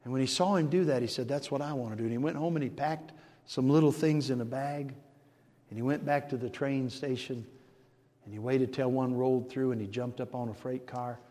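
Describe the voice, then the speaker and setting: An older man preaching a sermon, swinging from shouted declarations to hushed storytelling. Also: medium pitch, steady tone, a little fast. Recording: long reverb of a large hall.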